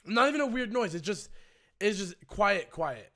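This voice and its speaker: A man's voice: high-pitched, very animated, normal speed, pushed and bright. A young man in his twenties, a streamer casually telling a story with lots of swearing and acting out both sides of the phone calls.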